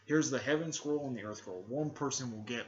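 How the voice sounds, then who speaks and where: A man's voice: medium pitch, a little fast, dull audio, natural voice. A man voicing a stern female ninja exam proctor while retelling a story, barking orders in his own voice.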